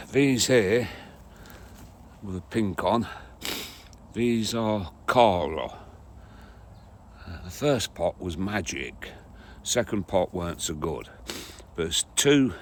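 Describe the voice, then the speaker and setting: A man's voice: sits low, a little hiss or hum. A man with a head cold, chatting in a homely way to his viewers as he films his allotment and then sits in his car on a frosty day. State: has a head cold, sniffly. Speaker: gardening vlogger. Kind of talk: casual vlog chat.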